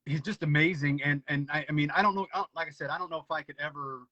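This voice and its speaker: A man's voice: fairly high pitch, steady tone, quick pace, bright, forceful tone, no echo. A man hosting a casual podcast chat, eager and full of stammered restarts. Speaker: podcast host. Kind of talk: casual conversation. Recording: dry, dull lo-fi audio.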